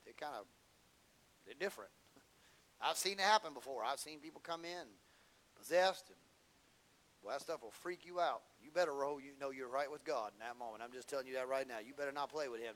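Bright high-voiced preacher man. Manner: folksy, humorous storytelling with Southern slang. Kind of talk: sermon.

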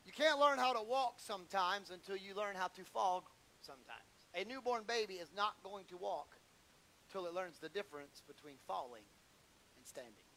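High-voiced, bright male preacher. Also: lively intonation, moderate pace, slight background noise, poor audio. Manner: swings from shouted fervor to low intimate asides; repeats and stumbles when worked up. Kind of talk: sermon.

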